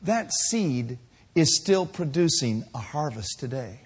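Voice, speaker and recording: A male preacher delivering a fervent, emphatic sermon that builds to shouted climaxes. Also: a little high, animated, slow pace, slightly rough.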